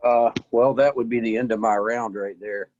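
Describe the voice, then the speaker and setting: A man's voice: medium pitch, fairly even intonation, normal speed, darkish tone, muffled recording. A man playing in a tabletop game, talking casually and thinking aloud about his character. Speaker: player.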